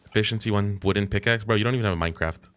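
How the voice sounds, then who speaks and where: A young man chatting on a casual livestream, swearing freely and bantering in an animated way. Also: fairly low pitch, racing, slight background noise. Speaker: streamer.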